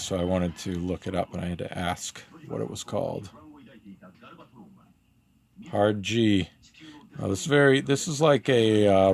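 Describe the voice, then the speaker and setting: A man with a fairly low voice and some gravelly fry talks through his drawing process on a live stream. His manner is relaxed and rambling, full of small fillers and restarts. Soft music plays faintly behind him. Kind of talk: casual chat while drawing.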